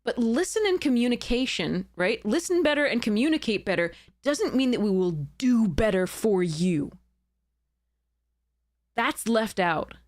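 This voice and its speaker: A woman's voice: a little high, sing-song, a little slow. A woman streamer reading a letter aloud and picking it apart in casual, heated commentary, sarcastic and swearing at times.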